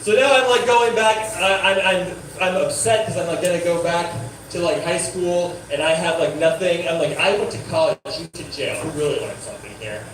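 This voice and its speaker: A man's voice: a little high, a little fast, a bit bright. A young man from Arizona doing a rambling, hesitant, self-deprecating stand-up set in a comedy club. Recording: echoey club, distant mic, room noise.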